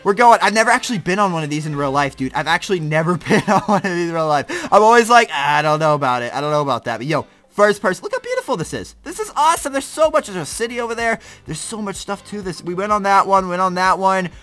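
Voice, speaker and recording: A young man giving excitable, slangy let's-play commentary, laughing and reacting loudly as he plays. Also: sits high, fast talker, few pauses, faint music behind. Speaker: gaming YouTuber.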